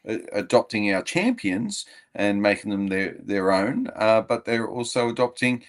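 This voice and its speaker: Aussie guy co-hosting a podcast, lowish voice, lots of uhs and restarts. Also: animated. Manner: rambling, many filler pauses and restarts. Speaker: podcast co-host. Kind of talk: casual podcast chat.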